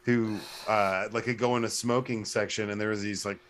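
A man with a somewhat low voice, chatting casually with a friend. He jokes around constantly, breaks into laughter and rambles through stories. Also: flat delivery, normal speed, a bit bright, a little hiss or hum. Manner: laughing, joking banter. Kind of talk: casual chat.

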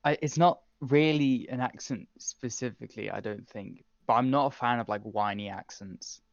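Man with a Southern English accent, hesitant, measured, dull dry lo-fi recording. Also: medium pitch, gravelly, no echo. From Southern England. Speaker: podcast co-host. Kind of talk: casual chat.

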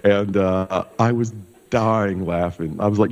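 Low-voiced pastor telling a story in a hall. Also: male voice, measured pace. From Kansas. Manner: animated, loose storyteller with many fillers. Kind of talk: casual storytelling testimony. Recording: dull sound with long hall reverb.

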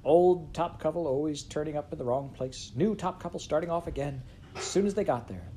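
A man reading a classic story aloud in an expressive way, with big swings in loudness and pitch. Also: a little fast, slight background noise. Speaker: storybook reader.

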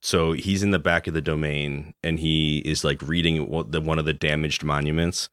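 A man's voice: extremely low pitch, level tone, normal speed, a bit bright, clean tone, dry recording. A man co-hosting a podcast, talking casually about a video game, rambling with many fillers and chuckles. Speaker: podcast co-host.

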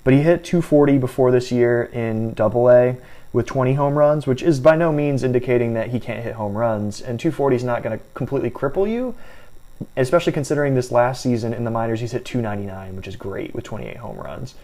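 A man's voice: mid-range voice, warm tone. Man talking fantasy baseball stats. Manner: hedging, restarts, stat-heavy, measured. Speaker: fantasy baseball podcast co-host. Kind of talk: casual analytical sports chat.

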